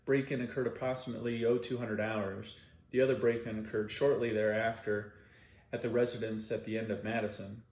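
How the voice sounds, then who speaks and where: A man's voice: fairly low pitch, flat delivery, fairly quick, darkish tone, natural voice. A man voicing a young, eager, by-the-book male police officer who speaks in clipped radio jargon. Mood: formal. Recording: roomy echo.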